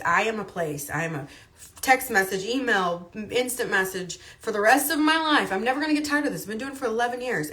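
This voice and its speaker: A woman's voice: medium pitch, a bit bright. A woman in her thirties, chatting candidly and rambling on a livestream to her viewers. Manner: rambling, candid, uses y'all and ain't. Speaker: livestream host. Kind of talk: casual livestream chat.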